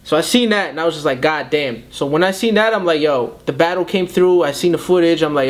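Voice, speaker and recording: A man's voice: fairly high pitch, fairly quick. A young man telling a story in a casual interview. He tells it animatedly and slips into voices for the people he quotes. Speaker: battle rapper.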